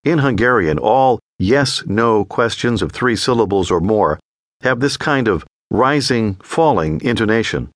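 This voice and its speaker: A man narrating a language course in a clear, patient, scripted teaching voice. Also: fairly low pitch, expressive, a little slow, no room sound, clean studio sound. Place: recording studio.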